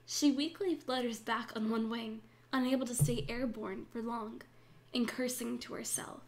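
A woman's voice: fairly high pitch, steady tone, normal speed, a little mellow. A young woman narrating a Minecraft role-play as game master, then playing frantically and swearing through the fights. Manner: frantic, swearing during combat.

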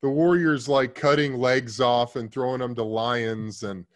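A man in his thirties, a podcast guest, telling a story in a loose, profane way and swinging from hushed asides to loud emphasis. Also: medium pitch, steady tone, measured pace, a crowd in the background. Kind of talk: casual interview storytelling.

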